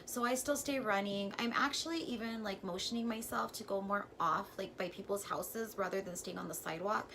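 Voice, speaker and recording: A woman's voice: medium pitch, fairly quick, hardly any pauses, a little hiss or hum. Chatty woman vlogger, heavy on "like". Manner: chatty and filler-heavy, says "like" constantly; animated, with sudden swings from hushed to loud. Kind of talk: casual storytelling to camera.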